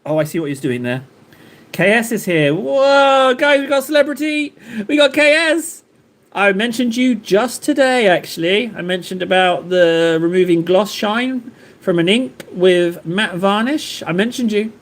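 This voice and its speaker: A man's voice: high voice, a little slow, fairly bright tone. A man hosting a livestream, chatting casually and joking with his viewers, rambling with many fillers and restarts. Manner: rambling, jokey, lots of fillers and self-interruptions. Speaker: livestream host. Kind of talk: casual chat with live chat readers.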